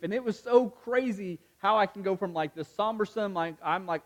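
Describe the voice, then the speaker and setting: High-voiced animated young male preacher. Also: normal speed, few pauses. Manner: animated, conversational preaching with many fillers. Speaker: pastor. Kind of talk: sermon.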